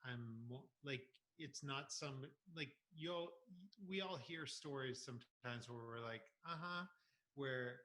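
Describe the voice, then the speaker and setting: A man's voice: medium pitch, slow pace, bright, forceful tone. A man co-hosting a casual podcast chat, reacting playfully with short comments. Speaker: podcast co-host.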